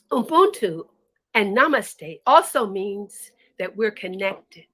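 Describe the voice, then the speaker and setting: A woman storyteller telling folk tales in an expressive, animated, sing-song way. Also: medium pitch, slow pace. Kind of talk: storytelling for listeners.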